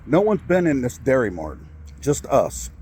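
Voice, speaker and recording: A man's voice: mid-range voice, wildly swooping pitch, a little slow, darkish tone, a little hiss or hum. A man in his forties telling a personal story in a vlog, angry and upset, swearing and rambling with many fillers. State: upset, shaky with anger. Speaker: vlogger. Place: in a car.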